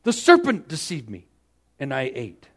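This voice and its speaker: A man's voice: medium pitch, wildly swooping pitch, measured pace. A man voicing Eve with little change from his own preaching voice as she shifts the blame. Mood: defensive. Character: woman, Eve, blaming the serpent.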